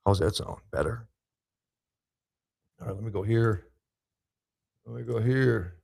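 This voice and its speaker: A podcast host with a lowish, creaky, somewhat mellow voice talks unhurriedly while setting up a live show in a big echoey room. His casual pre-show chat is loose and profane, aimed at himself and his listeners.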